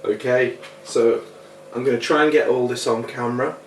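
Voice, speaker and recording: A man's voice: mid-range voice, moderate pace. Nasally guy with a cold, chatty how-to at home, ums a lot, a bit of background hiss. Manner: chatty, relaxed, many ums and restarts. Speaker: home winemaking vlogger. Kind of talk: casual how-to video. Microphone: handheld camera, no tripod.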